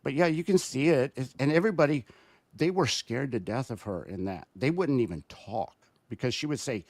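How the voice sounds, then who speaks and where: A man telling a story as a podcast guest, rambling and animated, with frequent restarts. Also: medium pitch, normal speed, no echo. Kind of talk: casual podcast chat.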